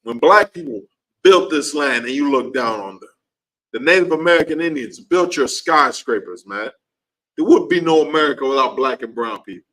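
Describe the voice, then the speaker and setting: A man's voice: mid-range voice, lively intonation, moderate pace, a bit bright, rough recording. A man teaching a class in an impassioned preaching style, heated and repetitive, his voice leaping upward when he gets worked up.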